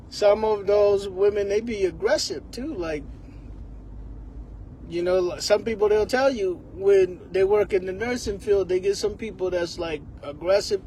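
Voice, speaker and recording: A man's voice: sits high, dark tone, a little hiss or hum. A man giving a rambling comedic monologue, laughing often.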